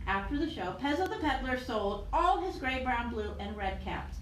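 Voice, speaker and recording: Woman teacher reading a picture book aloud, animated, roomy echo, faint background noise. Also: sits high, normal speed, hardly any pauses. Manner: animated storytelling.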